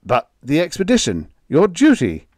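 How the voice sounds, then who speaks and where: A man's voice: a little high, wildly swooping pitch, normal speed, darkish tone, no echo, studio quality, voice pushed up. A man voicing a stern, dutiful male alien pilot who speaks indignantly and bossily.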